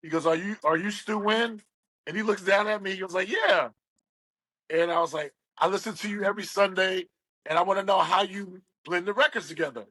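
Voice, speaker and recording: A man's voice: high-pitched, fast, dry recording, poor audio. A middle-aged man from West Virginia, a radio DJ, telling stories as a guest and acting out the people he quotes. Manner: animated storyteller, acts out quoted voices. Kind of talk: storytelling interview.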